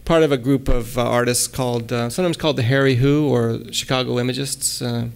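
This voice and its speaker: A man giving a relaxed lecture at a college, hesitating often with ums and restarts and reading his own poems aloud. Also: mid-range voice, fairly quick, vocal fry, clean tone. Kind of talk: casual lecture with poem readings.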